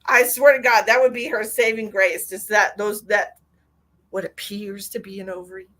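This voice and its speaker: In this casual livestream chat, a middle-aged psychic medium talks in an animated, fairly bright voice of medium pitch at a moderate pace. She's candid and emotional, swears freely, and reads comments from her viewers.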